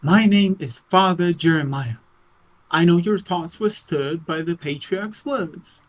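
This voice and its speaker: A man reading the part of a gentle, earnest male priest, speaking softly, slowly and coaxingly. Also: a little high, natural voice, low-quality recording. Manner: soft, slow, coaxing.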